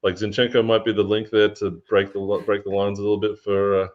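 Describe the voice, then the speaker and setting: A man with a deep, low voice, giving measured views on a football panel. His audio sounds dull and lo-fi, as if it comes over a muffled remote connection. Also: level tone. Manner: measured, thinking aloud. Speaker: panel guest. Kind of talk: casual football chat.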